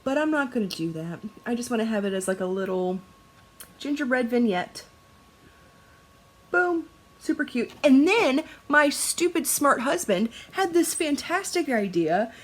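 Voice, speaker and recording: Lively husky woman vlogging. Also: a little high, measured pace. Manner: animated, laughs often, swears casually. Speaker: cross-stitch vlogger. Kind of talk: casual chatty vlog.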